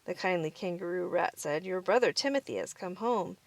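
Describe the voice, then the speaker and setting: A woman's voice: lowish voice, animated, brisk, no room sound. A woman voicing a polite, helpful female mouse housekeeper in a storybook reading. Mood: eager.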